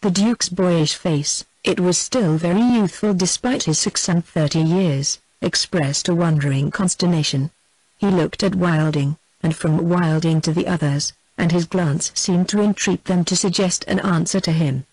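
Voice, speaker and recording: A narrator reading a historical novel aloud in an even, measured way. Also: mid-range voice, husky, dry recording, low-quality recording. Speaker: audiobook narrator.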